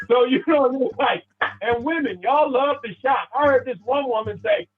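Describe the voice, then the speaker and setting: A man's voice: extremely high pitch, moderate pace, husky. A man giving a playful motivational talk to a sales team, acting out little scenes as he goes. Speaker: motivational speaker. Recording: tinny phone-like sound.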